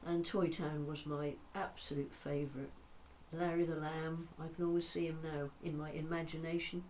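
Warm-voiced older woman chatting to listeners. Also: low-pitched, flat delivery, moderate pace, slight background noise. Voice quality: fond, nostalgic, gently humorous. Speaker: talking newspaper presenter. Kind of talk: casual chat to listeners.

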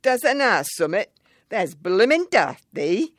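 A storyteller voicing a cheeky little boy at a pantomime, blunt and deadpan, recorded close and dry. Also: mid-range voice, measured pace, no room sound, close to an everyday voice.

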